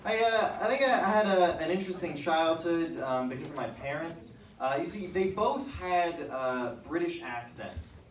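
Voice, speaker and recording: A young man working a comedy stage, his voice a little high and swinging lively up and down. He talks in a chatty, playful way, checking in with quick "right?" asides. The sound is echoey and distant, as if picked up from across the room. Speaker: stand-up comedian. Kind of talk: stand-up comedy set. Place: comedy venue with live audience.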